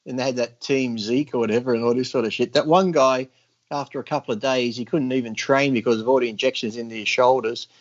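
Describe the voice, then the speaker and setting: Male podcast guest, middle-pitched, blunt and profane with crude jokes, slightly muffled recording. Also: steady tone, quick pace. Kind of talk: casual podcast chat. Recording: slightly dull lo-fi audio.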